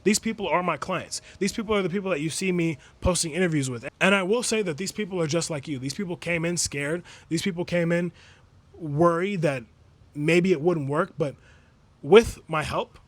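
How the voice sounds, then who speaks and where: Male business coach, high voice, dry close recording, emphatic and repetitive. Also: moderate pace, no echo. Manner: emphatic, repetitive, rhetorical questions. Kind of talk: motivational coaching talk. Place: resort suite.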